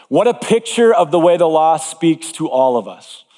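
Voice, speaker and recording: A man's voice: on the high side, very animated, moderate pace, hardly any pauses, dark tone. Emphatic preacher man in reverberant hall. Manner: earnest, emphatic preaching with repeated phrases. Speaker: pastor. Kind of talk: sermon.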